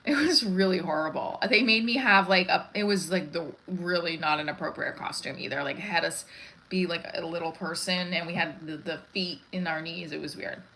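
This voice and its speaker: A woman's voice: fairly low pitch, normal speed, bright, forceful tone, slight background noise, low-quality recording. A woman comedian chatting casually on a live stream, rambling from one thought to the next. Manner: chatty, rambling, breaks into song.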